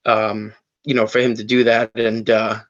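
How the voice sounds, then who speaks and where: A man's voice: fairly low pitch, level tone, normal speed, fairly bright tone, highs cut off. A man guest on a podcast, telling an emotional story in a rambling way, full of fillers and restarts. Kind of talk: emotional storytelling in casual chat.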